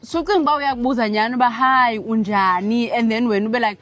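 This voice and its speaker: A young South African woman chatting with her husband, expressive and quick to laugh, mixing English with Xhosa. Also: on the high side, faint music behind. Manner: expressive, laughs often, code-switches into Xhosa. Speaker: co-host, wife. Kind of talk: casual chat.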